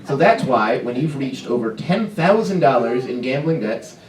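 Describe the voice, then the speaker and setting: A man's voice: mid-range voice, animated, normal speed, a crowd in the background, close to an everyday voice. A man playing a slick middle-aged gambling company CEO, with a polished corporate spokesman delivery, heard from a distance in a roomy club over audience laughter. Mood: smooth.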